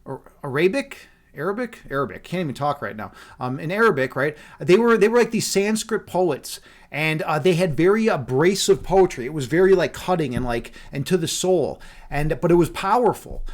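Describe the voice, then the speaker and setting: A man with a high-set voice chats with his stream audience in a relaxed, joking way. He wanders through his thoughts and often restarts his sentences. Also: fairly quick. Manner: playful, loose, many fillers and restarts. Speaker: livestream host reading chat. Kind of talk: casual rambling chat.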